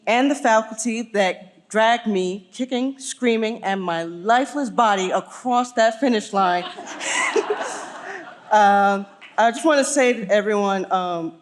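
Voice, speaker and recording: A young woman graduate gives a thank-you at a ceremony. Her pitch sits a bit high, and she delivers the speech with upbeat humor and a rallying push. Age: young adult. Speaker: graduating student.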